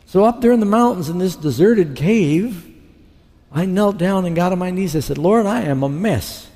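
Middle-aged guy preaching his testimony, mellow voice, big echoey hall. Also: high voice, moderate pace. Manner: storytelling, acts out his own past dialogue. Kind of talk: sermon testimony. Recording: long hall reverb.

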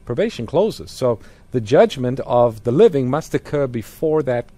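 A man's voice: medium pitch, sing-song, normal speed, warm tone, no room sound. A man co-hosting a Bible question show, reading listener questions and adding scripture. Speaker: co-host. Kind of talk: Bible question and answer talk.

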